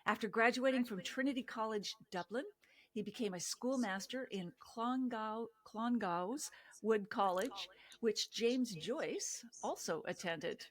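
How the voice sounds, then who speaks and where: A woman's voice: fairly high pitch, unhurried. A middle-aged woman hosting a wine podcast, introducing her guest and chatting with enthusiasm and frequent laughs. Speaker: podcast host. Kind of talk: interview host intro and chat.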